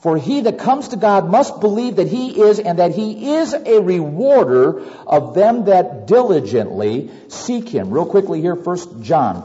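Male pastor, sermon delivery, mellow tone, very lively pitch, dull lo-fi hall recording with long reverb. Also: slow. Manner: animated, acts out worried scenarios with repetitions.

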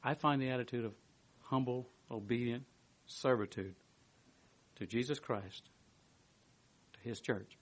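A male preacher delivers a sermon at medium pitch, reading from a commentary and inserting his own asides. His lively delivery swings between emphatic bursts and quiet, hushed passages.

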